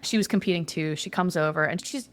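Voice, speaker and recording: A young woman telling a casual interview story about her competitions, chatty, full of "like", swearing when she gets excited. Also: on the low side, a little fast. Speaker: guest, jiu-jitsu competitor.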